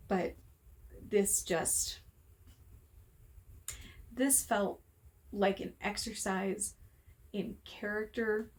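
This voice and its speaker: A woman talking casually to camera in a room at home, heated and exasperated, swearing freely as she rants. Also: mid-range voice. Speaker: book reviewer. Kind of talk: casual vlog rant. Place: room at home with window open.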